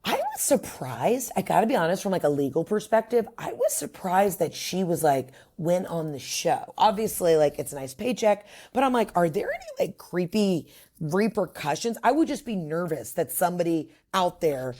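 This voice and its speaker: A woman comedian, a guest on a podcast, telling stories in a brash, crude, animated way. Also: fairly low pitch, moderate pace. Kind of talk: casual interview chat.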